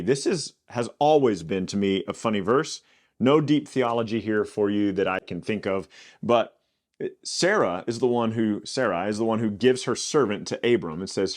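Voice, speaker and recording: A man hosting a Bible study podcast, reading scripture aloud and explaining it in a relaxed, conversational way with joking asides. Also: lowish voice, fairly quick. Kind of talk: casual Bible teaching.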